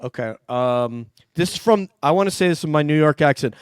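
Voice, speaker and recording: A man's voice: on the high side, lively intonation, brisk, few pauses, clean tone, dry recording, studio quality. A man hosting a casual livestream panel, reading out viewer donations in a chatty, joking way. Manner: chatty, jokey, thanks viewers warmly. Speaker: host reading super chats.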